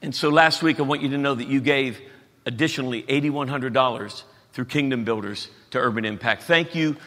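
A folksy pastor in his fifties with a lilt, telling stories and jokes from the pulpit. His voice is bright and forward, and a long church-hall reverb trails after it. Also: mid-range voice, fairly quick. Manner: folksy, joking, animated storytelling. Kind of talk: sermon. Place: church auditorium.

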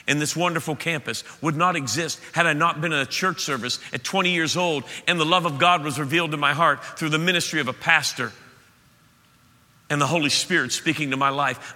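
A male pastor preaching an impassioned sermon to his church, swelling to loud peaks. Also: fairly high pitch, fairly quick. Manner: impassioned, rising to shouts at peaks. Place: church auditorium. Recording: reverberant church hall.

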